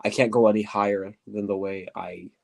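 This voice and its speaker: A man with a deep, stuffy voice, answering viewer questions in a casual livestream, rambling and hunting for words. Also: fairly even intonation, moderate pace, creaky, darkish tone. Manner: rambling, searches for words, says quote-unquote often. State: stuffy nose. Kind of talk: casual livestream chat while building.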